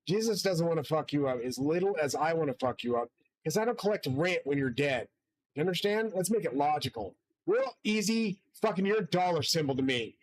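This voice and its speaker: A man's voice: fairly high pitch, sing-song, fairly quick, low-quality recording. A man hosting his own channel, delivering a rambling, profane and grandiose solo monologue from his studio. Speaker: channel host.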